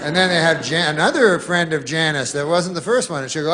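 A middle-aged man from Canada tells a long, meandering stand-up story in a flat, deadpan way. His voice sits fairly high, and he slips into mock newsman voices along the way. The live recording carries a clear layer of noise and audience laughter. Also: brisk. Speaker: stand-up comedian.

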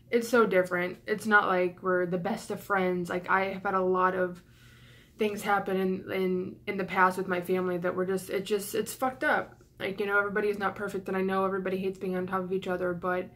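A young woman venting in a vlog, flustered and breathless, rushing her words with sighs and swearing, stressed and near tears with her voice cracking. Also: medium pitch, little pitch movement, a bit bright. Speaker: YouTuber. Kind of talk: emotional vlog rant.

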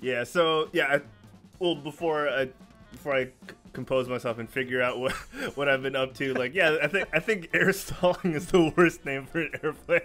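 A man hosting a casual geek podcast, laid-back and quick to laugh. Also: a little high, fairly bright tone, soft background music. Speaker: podcast host. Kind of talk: casual chat.

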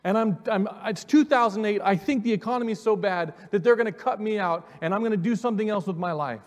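A man's voice: sits high, quick pace. A pastor in his forties preaching a sermon with a personal testimony, earnest, repeating words and inviting the congregation forward. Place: church sanctuary. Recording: long reverb of a church hall.

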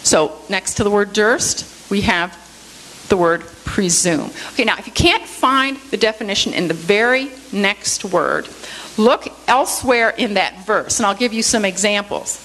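A woman leads a church Bible study in a plain, explanatory teaching voice. She walks through each point step by step and keeps tagging her sentences with a questioning "okay?" to check her listeners are following. Now and then she pokes gentle fun at herself. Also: mid-range voice, unhurried, low-quality recording. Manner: self-deprecating, light humor.

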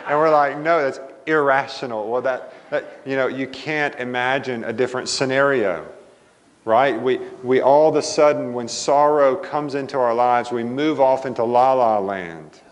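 A middle-aged male pastor giving a sermon, telling a family story with lively quoted dialogue. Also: mid-range voice, moderate pace. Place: church sanctuary. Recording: long church reverb.

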